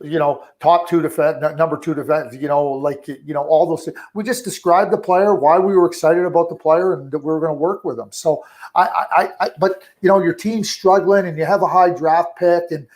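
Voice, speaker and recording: A middle-aged hockey scouting director, a guest on a conversational radio interview, talks hockey with a slightly raised pitch and a brisk pace. He's talkative and rambles, repeating words and restarting, and gets animated when he acts out quotes.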